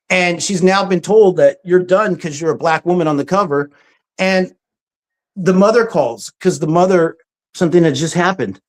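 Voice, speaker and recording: A presenter with a mid-range voice gives a casual, story-driven talk over slides. They often pause with "um," restart frequently, and act out quoted speech.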